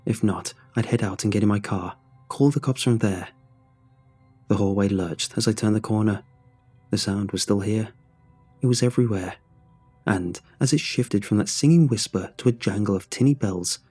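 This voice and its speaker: A man reading a horror story aloud as a narrator, in a tense, hushed storytelling manner. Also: lowish voice, slightly rough. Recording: soft music underneath.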